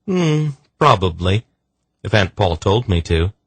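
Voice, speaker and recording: A man voicing a patient, gently stubborn young man in an audiobook, in a mild, bland tone. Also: fairly low pitch, sing-song, unhurried, husky, dry recording, heavily acted. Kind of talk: audiobook character voice.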